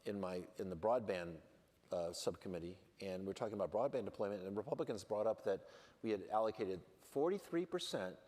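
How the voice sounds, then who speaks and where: Brief: man, low voice, blunt and wry panel guest, long hall reverb. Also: expressive, fairly quick, a little mellow. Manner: blunt, self-deprecating, wry. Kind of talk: candid panel conversation. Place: large event hall on stage.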